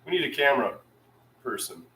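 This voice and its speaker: A man's voice: medium pitch, big pitch swings, brisk, pushed and bright. Laid-back man chatting in an echoey shop. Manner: laid-back, rambling, reads chat aloud. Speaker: channel host. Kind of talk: casual livestream chat. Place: repair shop.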